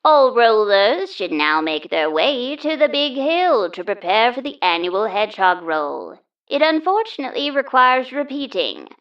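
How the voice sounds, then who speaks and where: A woman's voice: a little high, sing-song, a little slow, dull audio. A woman voicing a stiff, formal festival announcer in a kids' story. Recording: distant from the mic.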